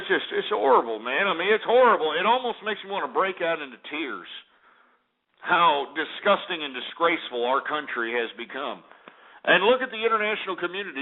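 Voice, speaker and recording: Ranting male call-in radio host, high-pitched, tinny lo-fi sound. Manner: angry, ranting, insulting callers. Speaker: radio talk show host. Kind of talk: call-in talk radio rant. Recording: lo-fi phone-like radio archive.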